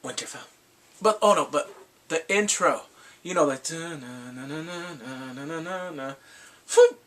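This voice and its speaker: A man giving an excitable, casual spoken review of a TV episode, swinging from mumbles to shouts. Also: a little high, moderate pace, far from the mic.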